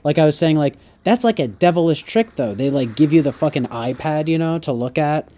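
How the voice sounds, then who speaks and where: A man's voice: fairly high pitch, expressive, brisk, mellow. A man ranting casually, rambling and profane, with heavy fillers. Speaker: streamer. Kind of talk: casual rant.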